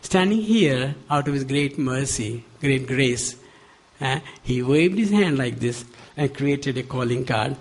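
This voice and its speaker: An older man with an Indian accent, giving a spiritual talk at a devotional center, animated and laughing often as he acts out quoted dialogue. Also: mid-range voice, measured pace. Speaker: guest speaker.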